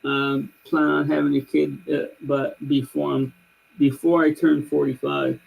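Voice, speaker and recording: A man's voice: fairly high pitch, flat delivery, unhurried, creaky, slightly rough, poor audio. A man in his thirties on a livestream, rambling through a story with lots of fillers and restarts. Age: 30s. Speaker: streamer. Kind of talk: casual chat.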